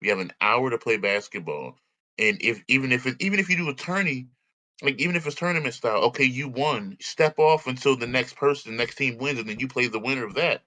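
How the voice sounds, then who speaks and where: Animated storytelling man, lively voice. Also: medium pitch, brisk, low-quality recording. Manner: animated storytelling, mimics others, laughs often. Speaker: podcast co-host. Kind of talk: casual chat.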